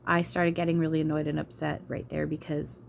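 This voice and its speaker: A woman's voice: deep voice, level tone, brisk, creaky, slight background noise. A woman channeler talking to camera in an emotional vlog, frustrated, sighing and swearing. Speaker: spiritual channeler.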